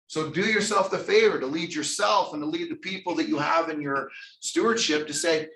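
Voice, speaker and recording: A man leading a motivational real estate sales training for a live audience, energetic and preachy, calling on people by name. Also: a little high, brisk, few pauses. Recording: echoey room.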